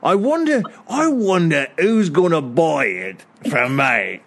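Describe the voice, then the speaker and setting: Man putting on a folksy drifter sailor, high and lively, rambling in rough grammar. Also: slow, exaggerated voice. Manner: folksy drawl, ungrammatical, rambling tall tales. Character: rustic seafaring traveler man, tall-tale teller.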